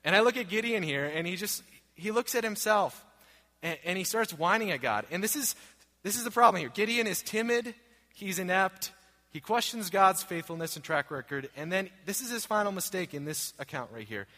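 Bright-voiced preacher in a reverberant hall. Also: male voice, high-pitched, lively intonation, brisk. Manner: earnest, repetitive preaching with rhetorical questions. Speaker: pastor. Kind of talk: sermon.

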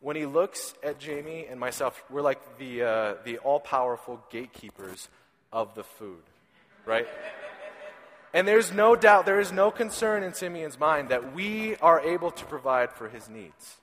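A man's voice: on the high side, lively intonation, a little slow, fairly bright tone. A man in his thirties preaching a sermon in a conversational storytelling way, often repeating a word as he starts a sentence. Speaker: pastor. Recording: reverberant hall.

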